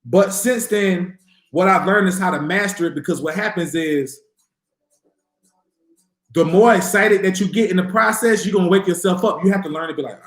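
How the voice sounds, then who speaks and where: Animated high-voiced man in an echoey room. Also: moderate pace. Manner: profane, animated storytelling with voiced quotes. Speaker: livestream host answering viewer questions. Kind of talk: casual livestream talk.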